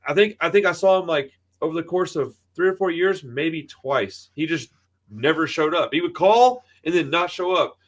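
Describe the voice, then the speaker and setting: Expressive and on the high side, this man's voice moves at normal speed. A podcast co-host in his thirties, he chats casually, tells profane stories, and plays out the voices of the people he mentions.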